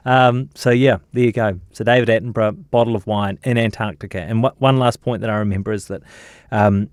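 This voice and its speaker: A New Zealand journalist in his thirties, telling lively anecdotes in a casual interview, with plenty of fillers and restarts. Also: on the low side, fast talker, hardly any pauses, dry recording. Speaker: journalist guest.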